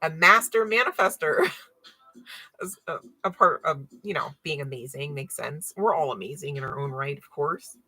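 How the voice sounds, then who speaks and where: A woman giving live tarot readings to viewers, excitable and thinking aloud as she turns cards. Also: deep voice, normal speed, slightly rough, faint music behind, rough recording. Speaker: tarot reader.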